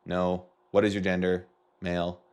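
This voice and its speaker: Low-voiced man coaching on marketing. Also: completely flat delivery, a little mellow, smooth, dull audio. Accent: Canadian. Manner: casual, quick, joking asides. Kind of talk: screen-share tutorial.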